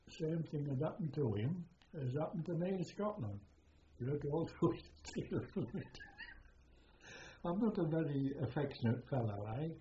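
An older man, a war veteran, slowly recounting his memories in a halting way with many pauses during an interview. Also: mid-range voice, mellow, a little hiss or hum. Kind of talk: oral history recollection. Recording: echoey, dull archival interview tape.

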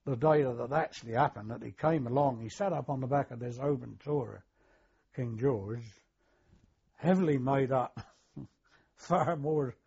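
An older war veteran recalling his service in an interview, hesitant, with many fillers, throat clearing and chuckles. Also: medium pitch, a little mellow, dull audio. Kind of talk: oral history recollection.

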